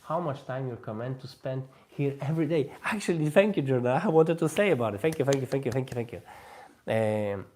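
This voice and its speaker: A man's voice: mid-range voice, expressive, fairly quick, a little mellow. Man talking through a live language tutorial. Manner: non-native English, many restarts, thinks aloud while demonstrating. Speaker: language-learning host.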